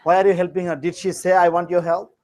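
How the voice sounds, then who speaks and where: A man's voice: high-pitched, level tone, fast, darkish tone, low-quality recording. A man from Bangladesh teaching a class, teasing and joking as he quizzes his students. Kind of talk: classroom lecture.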